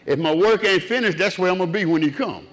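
A man preaching a sermon, swinging from low, quiet murmurs up to raised cries. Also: fast talker.

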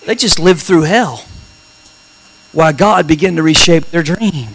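A male pastor preaching a lively sermon with call-and-response asides and dramatic shouted peaks in a church. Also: a little high, unhurried, background noise.

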